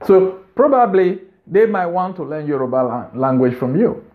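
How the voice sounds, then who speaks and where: A man's voice: on the high side, big pitch swings, normal speed, phone-quality sound. A man hosting a video, giving business advice in an unscripted monologue, earnest and repeating phrases for emphasis.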